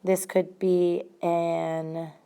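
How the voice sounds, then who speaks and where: A woman's voice: lowish voice, level tone, extremely slow, dark tone, clean tone. A woman teacher giving a grammar lesson, explaining step by step and stressing single words.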